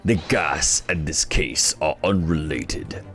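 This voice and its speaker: A man putting on a cold, deep-voiced aristocratic prosecutor. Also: fairly bright tone, faint music behind, heavily acted. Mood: disdainful. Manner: slow, haughty, formal.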